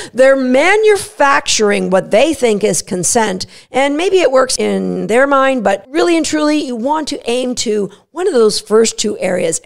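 Give me a woman with a gravelly, slightly high voice hosting a dog-training podcast, emphatic and lively. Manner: emphatic, acts out what dogs say. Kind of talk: podcast monologue.

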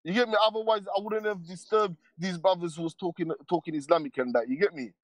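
A man's voice: high voice, quick pace, dry recording. Slangy man on a rant. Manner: rambling, heavy street slang, many repeated tags. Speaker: stream panelist. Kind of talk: casual heated rant.

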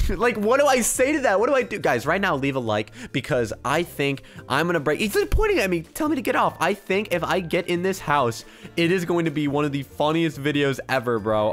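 A young man giving excited gameplay commentary as a video host, jumping between hushed muttering and sudden shouts. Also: a little high, fast, soft background music. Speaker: gaming YouTuber.

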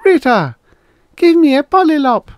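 A man voicing a demanding little girl in a very high voice. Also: normal speed, no echo. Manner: demanding, bossy.

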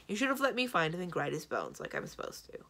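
A woman voicing a grumbling, complaining male giant who calls out loudly. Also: fairly low pitch, wildly swooping pitch, fast, heavily acted.

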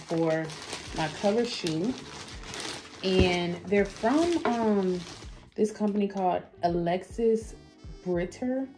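A woman, chatting casually to her viewers in a home vlog, full of fillers and asides. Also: lowish voice. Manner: chatty, addresses viewers as y'all, lots of fillers. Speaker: vlogger. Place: home office.

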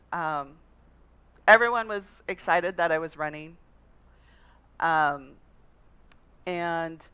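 A woman's voice: on the low side, smooth. Woman pastor telling personal stories. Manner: personal storytelling, conversational. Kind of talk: sermon. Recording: slightly dull lo-fi recording.

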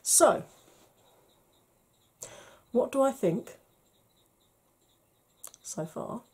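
A woman's voice: fairly high pitch, expressive, very slow, darkish tone, breathy edge. A middle-aged woman chatting frankly to camera in a makeup review, slipping into a half-whisper while she blends and cracking dry jokes. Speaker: beauty vlogger.

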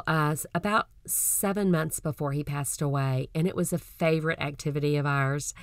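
Low-voiced woman, folksy podcast talk. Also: no room sound, studio quality. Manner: earnest, folksy, gently encouraging. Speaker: podcast host.

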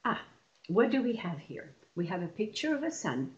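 A woman's voice: medium pitch, big pitch swings, moderate pace, dull audio. A woman presenting an online teacher-training session, explaining classroom methods step by step and often restarting her phrases.

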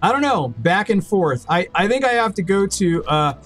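A man live-streaming a game and talking with his viewers in a loose, rambling way, often stumbling and repeating words. His voice sits a little high for a man. Faint music plays behind him. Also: sing-song, normal speed, a bit bright. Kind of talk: casual live-stream chat while gaming.

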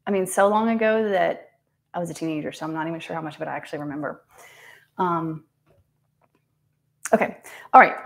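A woman, a nurse practitioner chatting casually on a livestream while she gets ready, with frequent ums and laughs. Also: lowish voice. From American South. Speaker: nurse practitioner live-streaming.

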